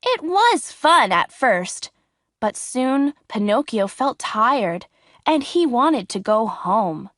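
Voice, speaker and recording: A woman reads a children's storybook aloud at a very slow, deliberate pace for English learners. Her voice sits a little high and sounds close and dry. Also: sing-song, a bit bright, dry recording. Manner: clear, simple, measured delivery. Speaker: narrator.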